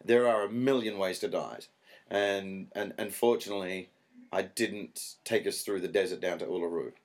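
Lower-voiced man telling a story. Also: normal speed. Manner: rambling, animated, swears freely, acts out quotes. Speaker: stand-up comedian guest. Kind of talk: casual storytelling interview.

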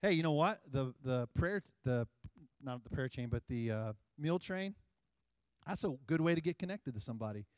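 A man's voice: mid-range voice, animated, moderate pace, clean tone, dry recording. A man preaching a sermon in church, talking casually with the congregation and building up to emphatic scripture reading. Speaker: pastor. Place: church sanctuary.

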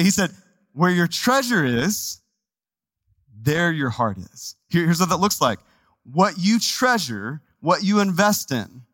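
A Texan pastor preaching a sermon in a loose, chatty way, often turning to the congregation with quick asides. His voice sits a bit high for a man and sounds dry and close, with little room echo. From Texas. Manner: conversational and animated, with asides to the congregation. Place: church sanctuary.

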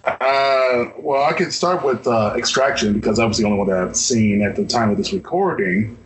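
A man's voice: mid-range voice, normal speed, slightly rough, rough recording. A man chatting casually about films as a podcast co-host, rambling with lots of fillers and restarts. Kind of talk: casual chat.

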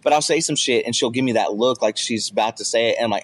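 Young guy on a podcast, swears constantly, cracks himself up, voice goes squeaky when he does impressions. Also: fast talker, a little hiss or hum. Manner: profane, jokey storytelling with loud high-pitched bits when he acts out others. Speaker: podcast co-host. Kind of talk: casual podcast chat.

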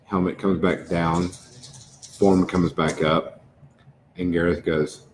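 Slow-talking male game master. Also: low voice, flat delivery, reverberant, a little hiss or hum, poor audio. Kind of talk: narrating a tabletop game.

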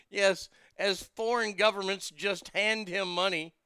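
A man's voice: high voice, slow pace, hardly any pauses, fairly bright tone, clean tone, dry recording. A man hosting a casual talk show who reads news items aloud and riffs on them, brash and profane, laughing at his own jokes. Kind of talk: casual political commentary.

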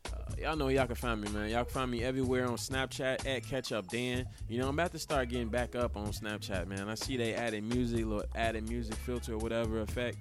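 A young man hosting his own sports podcast, talking casually and excitedly, cursing often and tossing in "man" and "yo" again and again. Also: medium pitch, a little fast, hardly any pauses, music in the background. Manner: excitable, animated, swears freely, repeats "man" and "yo". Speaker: podcast host.

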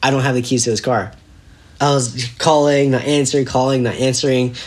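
A young man telling a story casually as a podcast guest, animated and laughing as he acts out what people said. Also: mid-range voice, brisk.

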